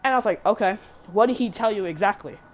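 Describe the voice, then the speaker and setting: A woman's voice: medium pitch, quick pace. A teenage girl rambling through a casual storytime vlog, swearing freely and correcting herself as she goes. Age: teen. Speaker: vlogger.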